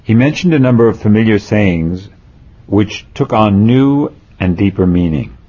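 A man slowly reading a spiritual memoir aloud, marking quotes as he goes. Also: fairly low pitch, expressive, warm tone, breathy edge. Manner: slow, deliberate reading, says "quote" and "end quote". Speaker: narrator. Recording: dull lo-fi recording.

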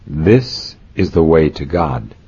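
A man reading aloud, voicing a serene, gentle male guru who speaks slowly and soothingly. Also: very deep voice, sing-song, husky, pitched below the performer's own voice, exaggerated voice. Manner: slow, soothing, measured. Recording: dull lo-fi recording.

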